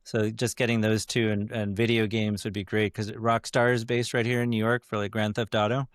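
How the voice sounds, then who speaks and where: A man's voice: on the low side, little pitch movement, a little fast, clear, resonant tone, no room sound, studio quality. A man, an actor guest on a podcast, talking in a chatty, rambling way about his work. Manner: talkative and rambling. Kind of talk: casual interview chat.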